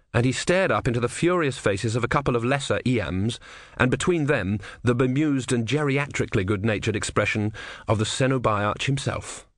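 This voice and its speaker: A man's voice: medium pitch, no echo. A man narrating a comic fantasy audiobook with dry, wry delivery.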